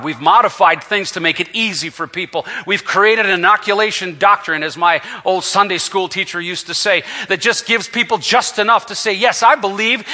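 A man preaching as pastor, swinging from loud emphatic peaks down to low, quiet asides. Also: in a large hall. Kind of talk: sermon.

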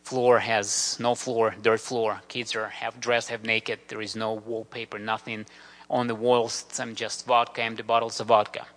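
Male missionary, bright, forceful delivery, earnest and grateful storyteller, long hall reverb. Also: lowish voice, flat delivery, a little slow. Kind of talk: church mission presentation with slides.

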